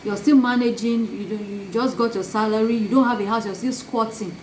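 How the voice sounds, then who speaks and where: A woman's voice: on the high side, a little fast. A woman giving a motivational talk, acting out little scenes of gossip as she teaches. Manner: animated, acts out gossip in asides. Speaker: life coach. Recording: echoey room, faint noise.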